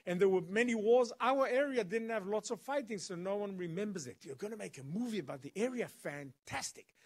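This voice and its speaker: A man voicing a French woodland guard, a loud and insistent man who fires off questions. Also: on the high side, lively intonation, normal speed, husky. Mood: eager.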